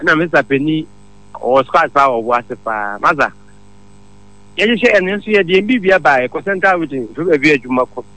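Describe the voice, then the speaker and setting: A man's voice: on the high side, lively intonation, moderate pace, bright, forceful tone, rough recording. Man calling in to radio. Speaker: caller. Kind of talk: phone-in chat.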